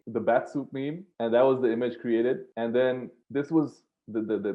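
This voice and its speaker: A man leads a screen-share tutorial in a casual, rambling way, often restarting his sentences. His voice sits in an ordinary middle range. The sound is thin and tinny, like a phone line. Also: mid-range voice. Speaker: course instructor.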